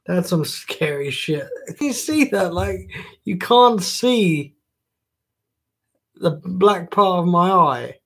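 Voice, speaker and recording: A male live streamer talking loosely to his viewers. He jokes around and swears casually. His voice sits a touch high, and he takes his time. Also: big pitch swings, slow pace, a bit bright. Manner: chatty and jokey, swears casually.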